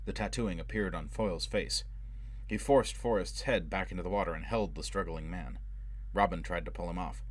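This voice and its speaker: A man reading a novel aloud as an audiobook narrator, in a steady, measured way. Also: low-pitched, no echo. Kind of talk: scripted narration.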